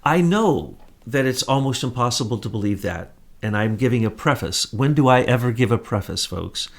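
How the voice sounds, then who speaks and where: A man's voice: medium pitch, expressive, moderate pace, creaky. A man hosting an online commentary show, talking casually and emphatically to viewers with rambling asides.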